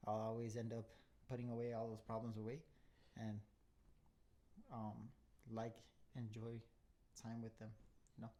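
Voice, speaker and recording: A man's voice: on the low side, completely flat delivery, unhurried, warm tone. Laid-back young man on a podcast. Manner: laid-back, says "bro" and "um" a lot, laughs often. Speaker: podcast host. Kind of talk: casual podcast chat.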